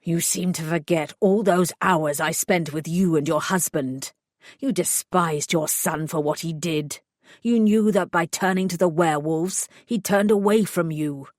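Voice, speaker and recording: A woman's voice: on the low side, unhurried, a little mellow, dry recording, clean studio sound, lightly acted. A woman voicing a spiteful retired male vicar who blusters and sneers, in an audiobook. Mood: contemptuous. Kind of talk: audiobook character voice.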